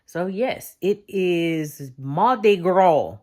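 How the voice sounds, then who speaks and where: A woman's voice: fairly low pitch, lively intonation, drawn-out words, a little mellow. Chatty, sleepy woman vlogging. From Louisiana. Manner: chatty, repeats herself, drawls with southern slang. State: sleepy, yawning. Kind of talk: casual vlog chat.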